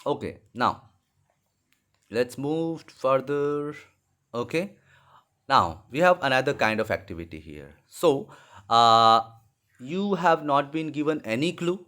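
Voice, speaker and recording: A man's voice: mid-range voice, animated, slow pace, pauses often, pushed and bright. A man teaching animal sounds to young children, patient and repeating key words. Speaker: English teacher. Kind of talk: slow lesson for young children.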